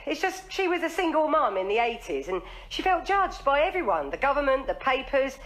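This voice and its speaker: An actress playing an earnest, anxious middle-aged wife, speaking in a fretful, self-deprecating sitcom manner. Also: female voice, high-pitched, sing-song, brisk, a bit bright. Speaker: wife and daughter. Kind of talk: sitcom acting.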